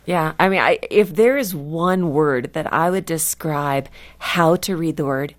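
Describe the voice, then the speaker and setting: A woman with a fairly low voice is a guest on a radio talk show. She tells personal stories in an easy conversational way, stopping now and then with little fillers. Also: measured pace. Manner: warm storytelling, with fillers. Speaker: guest author.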